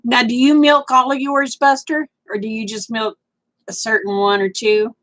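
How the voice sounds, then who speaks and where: An older woman with a drawl chats late at night on her livestream, answering viewers' comments aloud. Her voice sits a little high and she sounds sleepy, yawning as she talks. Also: level tone, moderate pace, a bit bright, low-quality recording. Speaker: livestream host. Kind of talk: casual livestream chat.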